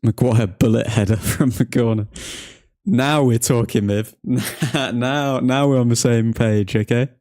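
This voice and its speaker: A man's voice: medium pitch, measured pace, darkish tone, no echo. Laughing young man hosting a watchalong. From England. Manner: joking, laughs often, chats to chat viewers. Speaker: watchalong livestream host. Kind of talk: casual live chat to viewers.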